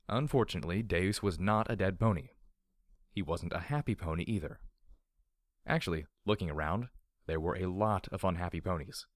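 Man narrating, wry, lively reading, lowish voice, dry close sound. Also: fairly quick, no echo. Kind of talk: audiobook storytelling.

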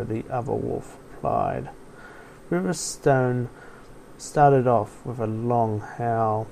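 A man narrating an audio story in a slow, even, hushed way. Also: mid-range voice, creaky, slight background noise, rough recording.

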